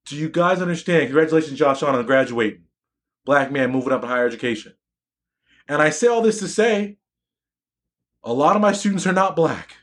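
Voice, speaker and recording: Male educator, slightly higher voice, emphatic and preachy, repeats phrases for effect. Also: lively intonation, brisk, long pauses. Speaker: educator and physician. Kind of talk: live-streamed motivational talk.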